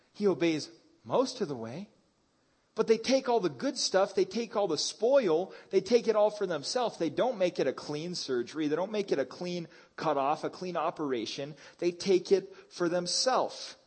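Male pastor, lively and casual sermon delivery, voice sits a bit high. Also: breathy edge. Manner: casual, animated preaching with slang.

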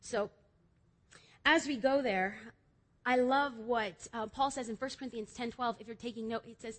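A woman preaches to a youth crowd in church in a high, bright-sounding voice. She presses her points emphatically, then drops to a hushed, confiding tone before climbing back to loud exhortation. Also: moderate pace. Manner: emphatic, swings from loud exhortation to quiet confession. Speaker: youth speaker. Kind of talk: energetic youth sermon.

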